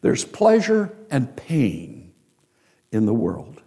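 A male pastor preaching a sermon, emphatic, with rhetorical questions and dramatic pauses. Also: mid-range voice, huge pitch swings, mellow, breathy edge.

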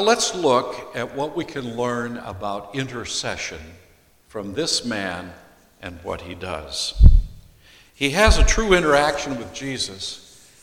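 A man preaching an expository sermon as a pastor, deliberately reading scripture aloud and explaining it. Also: on the low side, bright, forceful tone. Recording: echoey hall with long reverb.

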